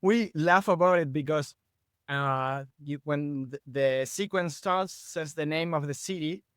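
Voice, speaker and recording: A man with an Argentinian Spanish accent chats on a podcast, his English halting as he hunts for words. His voice sits a little high and comes across smooth and clean. The sound is dry and close. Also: fairly bright tone, no room sound. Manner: halting, searching for words in a second language. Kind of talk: casual chat.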